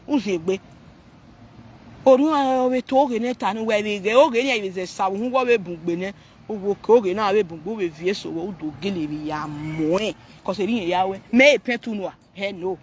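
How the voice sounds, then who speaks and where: High-voiced Nigerian man ranting live. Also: a little hiss or hum. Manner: animated, mixing Pidgin, Yoruba and English. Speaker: live streamer. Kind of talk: ranting live-stream chat with viewers.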